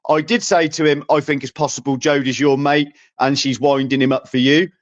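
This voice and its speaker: A man's voice: medium pitch, level tone, a little fast. A man hosting a livestream, flustered and stammering as he pleads with guests. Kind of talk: heated livestream argument. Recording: muffled lo-fi stream audio.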